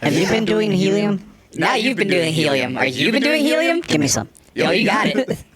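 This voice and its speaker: Guy doing a squeaky helium voice, bouncy, crowd noise loud behind. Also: big pitch swings, moderate pace. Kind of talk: casual chat.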